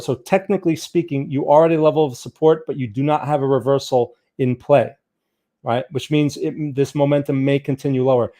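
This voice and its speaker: This trading livestream host has a fairly high, mellow voice. In a live Q&A on market charts, he answers viewers casually, thinks aloud, and repeats words often.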